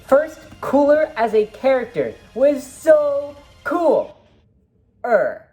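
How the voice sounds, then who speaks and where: A woman's voice: high-pitched, big pitch swings, slow pace, mellow, soft background music. A woman giving a casual movie review vlog, rambling and enthusiastic with lots of fillers.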